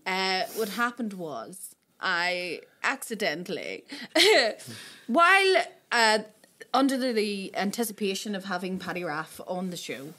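Woman, podcast host, animated, laughing, lively range. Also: mid-range voice, measured pace. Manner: animated, laughing, swears freely. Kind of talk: casual chat.

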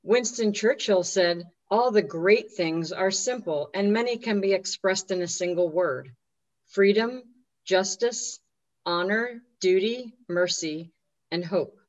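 A woman addresses graduates in a formal ceremony speech, measured and earnest. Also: mid-range voice, dull audio.

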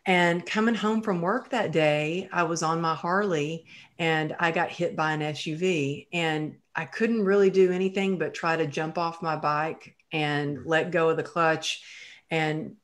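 Low-voiced woman telling her story. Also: steady tone, unhurried. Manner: vivid storyteller who acts out quoted lines. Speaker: guest sharing her life story. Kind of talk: personal storytelling in a podcast interview.

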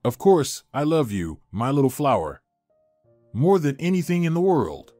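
A man's voice: medium pitch, big pitch swings, normal speed, mellow, no room sound, clean studio sound, soft background music, lightly acted. A man voicing a tender young mother. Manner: tender, emotional. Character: loving young wife and mother.

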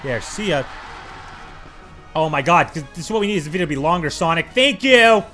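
A young man ranting and swearing through his gameplay commentary, breaking into sudden loud outbursts at the characters on screen. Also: on the high side, quick pace, soft background music. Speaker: let's play gamer.

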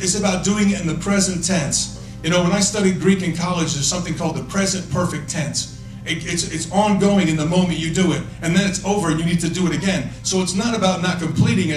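Male evangelist, high voice, emphatic prophetic preaching, repeats "listen", echoey hall, mic from far off. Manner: playful, laughs between points. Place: church conference hall.

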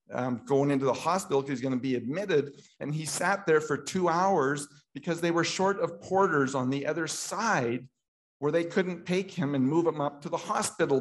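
A middle-aged Canadian man with a voice on the high side speaks passionately at a political meeting. As his emotions rise, he repeats himself and frequently restarts his sentences.

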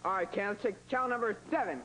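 Fast-talking young male contestant. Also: high-pitched, background noise. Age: young adult. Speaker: game show contestant. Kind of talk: brief answers on a game show.

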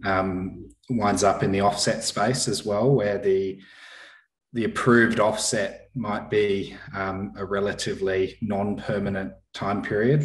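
Deep flat-voiced man on a panel. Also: echoey room, poor audio. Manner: measured, hesitant, filler-heavy. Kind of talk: panel discussion answers.

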